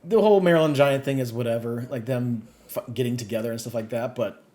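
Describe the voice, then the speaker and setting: Quick, excitable male co-host, mid pitch, salty language. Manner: fast, excitable, swears freely. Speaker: podcast co-host. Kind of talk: casual game discussion.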